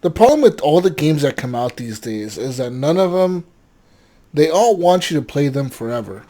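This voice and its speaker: A man's voice: fairly high pitch, very animated, moderate pace, warm tone. A man co-hosting a podcast in casual chat, blunt and swearing freely. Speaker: podcast co-host. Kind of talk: casual chat about video games.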